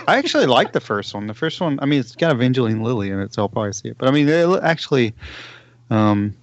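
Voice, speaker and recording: A man co-hosting a casual podcast chat, chatty and quick to laugh, often trailing off mid-thought. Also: medium pitch, very animated. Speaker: podcast co-host. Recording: dry, slightly lo-fi sound.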